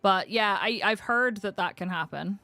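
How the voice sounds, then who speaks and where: A woman's voice: mid-range voice, normal speed, sharp tone, soft background music. A young Northern Irish woman streaming a survival game, chatting and rambling with frequent laughs. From Northern Ireland. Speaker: variety streamer. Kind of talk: casual live-stream commentary.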